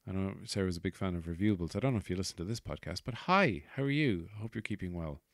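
A man's voice: deep voice, expressive, fast, no echo, studio quality. An Irish man in his thirties, a comedian hosting his podcast, rambling casually with exasperated, sweary asides.

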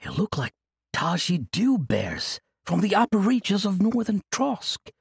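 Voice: medium pitch, big pitch swings, a little slow, slightly rough, no echo, clean studio sound, heavily acted. An earnest, pleading companion, as a man puts it on.

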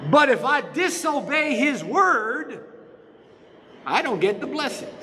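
High, lively preacher in a reverberant hall. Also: male voice, slight background noise. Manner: emphatic preaching with frequent rhetorical questions to the congregation. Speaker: pastor. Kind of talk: sermon. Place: church sanctuary.

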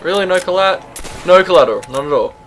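Chatty young gaming commentator. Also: male voice, high-pitched, animated, quick pace, a bit bright, a little hiss or hum. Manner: chatty, swears freely, laughs at himself. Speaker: gaming YouTuber. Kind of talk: casual gameplay commentary.

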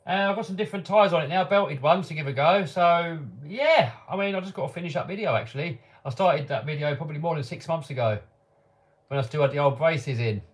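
A man's voice: on the high side, fairly quick. Chatty man in a live Q&A. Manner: reads out viewer questions, answers offhand and chuckling. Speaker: channel host answering live chat. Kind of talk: casual live-stream Q&A. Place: home workshop.

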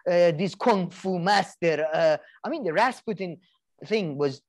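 A man's voice: sits high, lively intonation, measured pace. A man co-hosting a podcast in casual chat, rambling with many restarts, fillers and the odd swear word. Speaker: podcast co-host.

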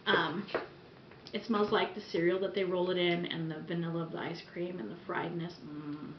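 A woman's voice: lowish voice, little pitch movement, normal speed, a little hiss or hum. A woman chatting casually as she reviews wax melts at home, rambling with little giggly asides. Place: room at home. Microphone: camera mic. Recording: dull, roomy home camera audio.

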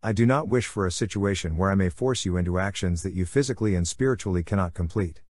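A veteran male warrior-monk speaks calmly and in measured terms, as a man reads his part. His voice sits low. The sound is close and dry. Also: no room sound.

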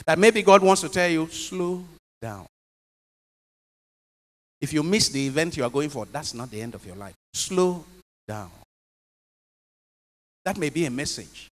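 A man's voice: a little high, a bit bright. A man, a priest, giving an emphatic homily and putting questions to his congregation. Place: chapel. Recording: long chapel reverb.

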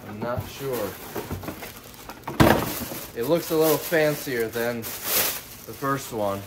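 Heavy background noise surrounds a man speaking slowly in a medium-pitched voice. He is a reseller vlogger offering casual, joking commentary and thinking aloud while unboxing items to resell.

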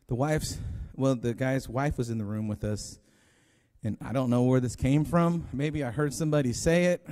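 Pastor guy preaching, chatty and rambly, mellow voice, big echoey church hall. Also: mid-range voice. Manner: rambling, conversational, with many restarts. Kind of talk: sermon storytelling. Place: church sanctuary. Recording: long hall reverb.

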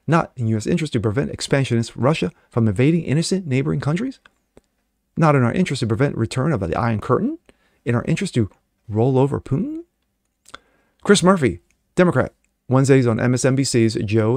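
A man's voice: mid-range voice, creaky, a little mellow, no echo, clean studio sound. A man reading political news articles aloud and breaking in with mocking, sarcastic asides. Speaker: political commentary host.

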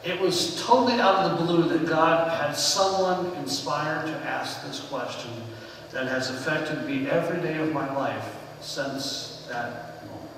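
A fairly high-voiced man preaches in an earnest, storytelling way, his phrase endings sinking into quiet. He sounds distant from the mic, with the long reverb of a big sanctuary around him. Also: a little hiss or hum. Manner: earnest storytelling, dropping softly at phrase ends. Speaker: pastor. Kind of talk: conversational sermon with personal stories. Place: church sanctuary with congregation.

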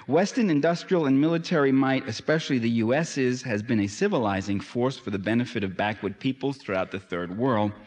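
A man lecturing to an audience in a sardonic, pointed way that climbs into impassioned emphasis. His voice sits at an ordinary male pitch. A long hall reverb trails each phrase. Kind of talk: public lecture.

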